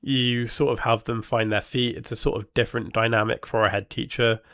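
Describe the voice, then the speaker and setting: A man hosting a podcast in casual solo talk, thinking aloud with many pauses and restarts. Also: mid-range voice, flat delivery, fairly bright tone, dry recording, clean studio sound. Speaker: podcast host.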